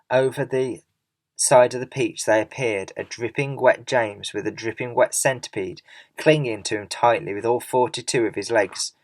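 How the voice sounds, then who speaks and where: Dude reading a kids book out loud, lively storyteller. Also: male voice, medium pitch, dry recording. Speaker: narrator. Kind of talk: audiobook reading of a children's novel.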